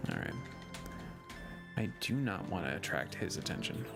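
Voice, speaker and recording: Music runs under a young man's casual gameplay commentary as he jokes, giggles, and laughs at himself while streaming. He speaks at a normal speed in a low voice with vocal fry and big pitch swings.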